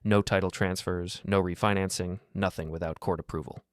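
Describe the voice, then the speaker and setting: A man voicing a calm, capable male lawyer in a story, brisk and reassuring. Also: sits low, smooth, no echo, studio quality, lightly acted. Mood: businesslike.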